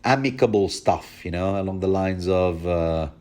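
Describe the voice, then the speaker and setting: Low-voiced guy riffing on a book chapter, chatty and jokey, lots of asides. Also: normal speed, hardly any pauses, a little mellow. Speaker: podcast host. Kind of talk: casual chapter commentary.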